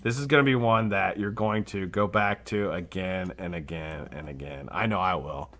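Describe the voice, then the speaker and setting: A man's voice: sits low, moderate pace, fairly bright tone. A man hosting a live vape review show, talking casually and enthusiastically and swearing freely.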